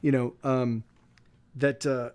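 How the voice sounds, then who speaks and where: A man's voice: medium pitch, little pitch movement, slow, clear, resonant tone. A man hosting a livestream, chatting casually, rambling with lots of restarts and repeated words. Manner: soft baby talk to his dog. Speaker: livestream host. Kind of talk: casual chat.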